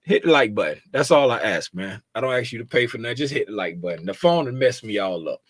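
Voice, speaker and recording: A man's voice: mid-range voice, lively intonation, quick pace, dry recording, clean studio sound. A man hosting a trading livestream, chatting casually and playfully and greeting viewers by name.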